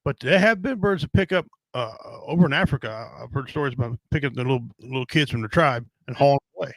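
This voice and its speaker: A man's voice: mid-range voice, animated, fast talker, no echo, low-quality recording. Blunt rambling middle-aged man. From Native American. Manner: rambling, blunt, folksy, swears casually. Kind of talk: casual chat.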